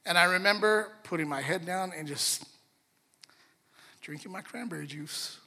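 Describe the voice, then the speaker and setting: A high, bright man preaches in a lively storytelling sermon, slipping into voices for each character. His voice has a husky edge. It rings with a long reverb through a large hall. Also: moderate pace. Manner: animated, acts out voices in dialogue. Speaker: pastor.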